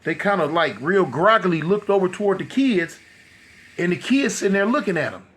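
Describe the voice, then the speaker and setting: Husky guy telling a scary story, real animated, lots of ums. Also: high voice, brisk. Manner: animated, loose, filler-heavy. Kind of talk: casual spoken horror story.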